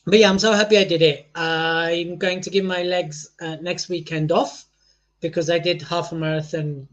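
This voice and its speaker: A man co-hosting a podcast, joking and energetic and laughing often. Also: on the high side, normal speed. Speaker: podcast co-host. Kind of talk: casual chat.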